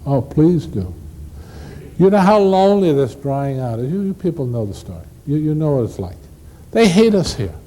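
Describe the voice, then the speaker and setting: Rich: A desperate middle-aged drunk, played by a man, low and hushed. He pleads and despairs. His voice is mellow and dark. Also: very animated, normal speed. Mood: pleading.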